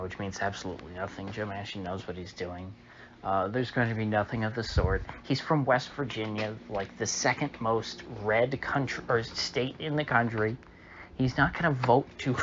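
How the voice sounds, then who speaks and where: A man talks through a solo commentary monologue with a sarcastic, mocking edge and the odd chuckle. His voice sits at an ordinary middle pitch. The recording is a little dull and muffled, with a faint hiss underneath. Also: fairly bright tone. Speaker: political commentator.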